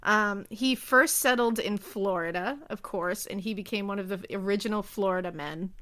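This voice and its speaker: A woman's voice: medium pitch, moderate pace, fairly bright tone. A woman casually telling a story on a podcast, chatty and full of asides. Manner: chatty, lots of fillers and asides.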